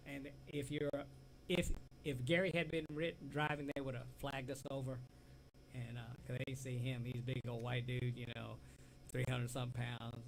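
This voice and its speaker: A man's voice: mid-range voice, flat delivery, moderate pace, gravelly, slight background noise, low-quality recording. A man with a Southern US accent co-hosting a casual talk show, telling rambling stories and often trailing off. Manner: rambling storyteller, laughs easily, trails off mid-sentence. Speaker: co-host. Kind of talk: casual chat.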